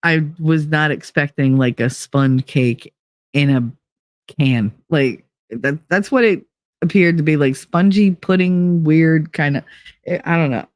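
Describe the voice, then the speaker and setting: A host from the UK, chatting casually and reading out live comments, with animated, sarcastic asides. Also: medium pitch, unhurried, no room sound, clean studio sound. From United Kingdom. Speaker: livestream podcast host.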